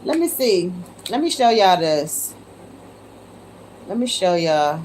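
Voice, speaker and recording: A woman with a fairly low, darkish voice talks slowly, her pitch swinging widely as she livestreams casually from her phone. She addresses viewers as y'all and lets out disbelieving exclamations, and a slight hiss or hum is audible.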